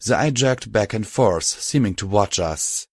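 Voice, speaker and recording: A man narrating an audiobook in a steady, measured storytelling voice. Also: lowish voice, breathy edge, dry recording, clean studio sound. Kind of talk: scripted narration.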